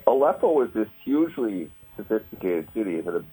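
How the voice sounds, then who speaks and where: A man with a very deep voice, talking as a guest on a radio show. He explains things in a thoughtful, unhurried conversational way. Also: very animated, dark tone, husky, rough recording. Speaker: guest commentator.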